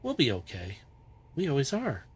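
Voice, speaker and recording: A man voicing a calm, curious small female caracal-like creature in a tabletop game, speaking softly and reassuringly. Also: medium pitch, moderate pace, husky, exaggerated voice.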